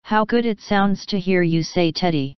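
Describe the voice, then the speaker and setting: A woman's voice: mid-range voice, moderate pace, smooth, dry recording, highs cut off, lightly acted. A woman reading aloud, voicing a cheerful, mischievous young man who has just married, in a teasing, playful way.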